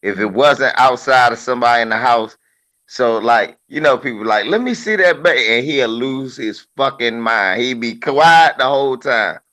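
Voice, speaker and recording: A middle-aged man chats casually at medium pitch and normal speed, swearing freely and laughing as he tells animated stories about his kids.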